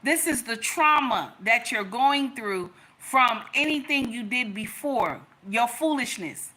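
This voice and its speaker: Woman, relationship advice, storytelling, emphatic, repeats herself, sharp bright tone, slightly high. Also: expressive, slow pace. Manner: emphatic, repeats lines, calls listeners y'all and baby. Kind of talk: personal storytelling to an audience.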